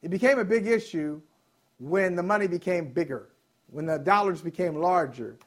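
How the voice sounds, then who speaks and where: Sports radio co-host, man, higher-pitched, argues his point at length. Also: normal speed. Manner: argumentative, explaining in long runs.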